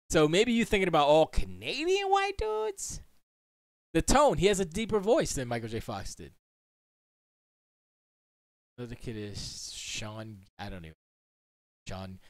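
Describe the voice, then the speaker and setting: Animated man chatting on a live stream. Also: fairly high pitch, no room sound. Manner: animated, rambling, answers chat, many restarts. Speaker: music producer and stream host. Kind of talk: casual live-stream chat. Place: home studio.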